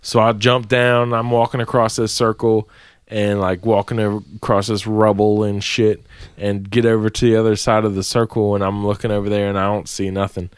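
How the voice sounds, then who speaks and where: A man's voice: fairly low pitch, flat delivery, normal speed, smooth, dry recording. A man co-hosting a podcast, telling a long profane story in casual chat from a small dry room. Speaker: podcast co-host.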